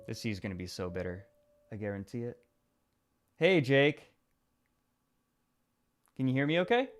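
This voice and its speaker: A man's voice: medium pitch, big pitch swings, unhurried. A man hosting a casual livestream, rambling and chatty and laughing often. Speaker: stream host. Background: faint music.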